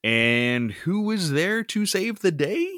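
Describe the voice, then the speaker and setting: A man's voice: high-pitched, big pitch swings, takes it slowly, a bit bright, dry recording, clean studio sound. A man co-hosting a podcast, recapping a comic in loose casual chat full of fillers. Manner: loose, filler-heavy retelling with many "you know" and "like".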